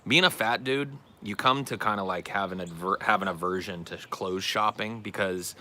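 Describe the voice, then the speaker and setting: Answering chat questions on his podcast, a man reads out what viewers ask and replies in a blunt, profane, self-deprecating manner. He has a low voice with a sharp tone.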